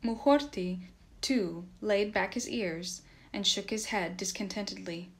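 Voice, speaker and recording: A woman reading a translated classic story aloud in steady, measured audiobook narration. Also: medium pitch. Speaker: reader.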